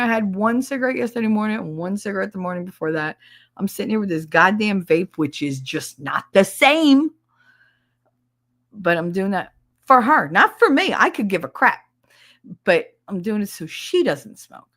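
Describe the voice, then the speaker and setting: Gravelly, blunt New Jersey woman. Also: fairly low pitch, lively intonation, normal speed, dry recording, clean studio sound. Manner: blunt, abrasive, heavy cursing. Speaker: livestream host. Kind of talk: casual livestream chat reading comments.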